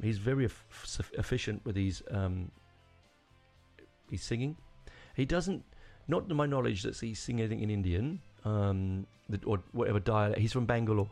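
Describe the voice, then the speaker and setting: Man, gravelly low voice, rambling with restarts, enthusiastic, faint music underneath. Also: darkish tone. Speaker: podcast host. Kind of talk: casual solo rambling.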